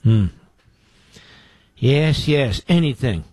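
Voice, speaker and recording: A man's voice: medium pitch, expressive, drawn-out words, a little mellow, husky, dry recording. Sarcastic older man in a dry studio. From Philadelphia area, US. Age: 60s. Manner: sarcastic, mocking asides to his producer. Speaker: talk radio host. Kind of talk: political talk radio monologue.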